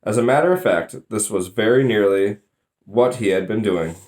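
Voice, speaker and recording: A man reading a children's novel aloud in a plain, even manner, with small slips now and then. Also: lowish voice, normal speed. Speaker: storybook reader.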